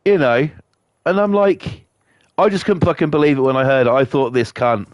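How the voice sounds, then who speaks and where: A man's voice: animated, normal speed, no echo, muffled recording. A man streaming to a live chat, ranting angrily and swearing a lot, coughing now and then. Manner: angry, sweary rant with big pitch swings.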